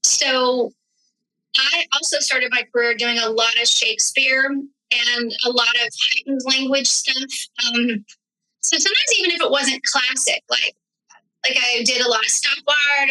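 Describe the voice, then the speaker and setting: Woman, podcast guest, thoughtful, brilliant bright voice, highish pitch. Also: rough recording. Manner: reflective, thoughtful storytelling. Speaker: actress, writer and director guest. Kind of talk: podcast interview.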